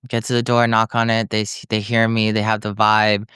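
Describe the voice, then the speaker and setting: Young man, podcast guest, fairly low smooth voice, animated storytelling, dry close sound. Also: moderate pace, dry recording. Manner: animated storytelling, acting out other people's lines, frequent "like". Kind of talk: storytelling in conversation.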